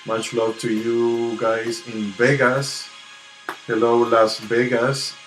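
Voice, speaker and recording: A man's voice: mid-range voice, flat delivery, slow. A man hosting a live tarot card reading, chatting casually and greeting his viewers one by one. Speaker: tarot reader hosting a livestream. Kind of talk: casual livestream chat. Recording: roomy sound with soft music behind. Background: soft relaxing music.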